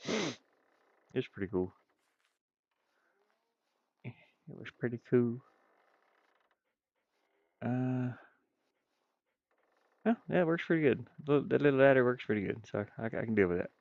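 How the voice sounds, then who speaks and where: An indie game developer with a stuffy nose rambles and talks to himself on a live stream as he builds a game, chuckling often. His medium-pitched voice is expressive but a little slow and creaky, with long pauses, captured in a dry, lo-fi recording.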